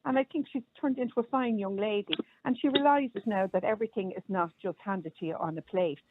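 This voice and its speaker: A woman's voice: medium pitch, fairly quick, background noise. A middle-aged Irish woman calling in to a radio show, chatty and firm as she talks about raising her daughter. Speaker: caller. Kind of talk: phone-in radio call. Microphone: telephone. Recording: tinny phone line.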